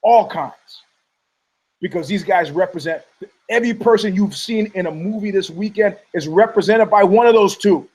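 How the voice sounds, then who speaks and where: A man's voice: high voice, moderate pace, a little mellow, breathy edge, low-quality recording. A male podcast host giving rambling, combative commentary, profane and heated, often stumbling over restarts.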